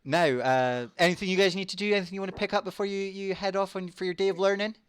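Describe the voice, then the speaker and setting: A British man narrates a tabletop game as dungeon master, with frequent ums and pauses. His voice sits a little high for a man. The sound is close and dry. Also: steady tone, clean tone, no room sound. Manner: hesitant, full of ums and laughs.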